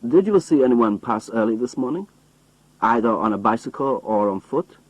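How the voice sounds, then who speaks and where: A man voicing a suspicious agent asking probing questions, with a husky voice. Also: mid-range voice, expressive, moderate pace, no echo, natural voice, low-quality recording.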